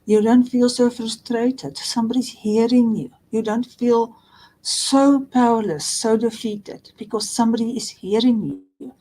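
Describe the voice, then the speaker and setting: This woman's voice sits on the high side, unhurried and warm, as a middle-aged counselor earnestly lays out relationship patterns for a talking-head advice video. She repeats herself, restarts phrases, and voices example quotes; the recording quality is low.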